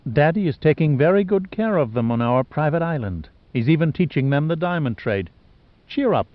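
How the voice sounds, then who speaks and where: A man's voice: fairly high pitch, normal speed, no room sound, voice pushed up, natural voice. Deirdre, a man reading a cold scheming sister. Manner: calm, impassive, mocking. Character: wealthy cold scheming woman, adult sister. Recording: dull lo-fi audiobook recording.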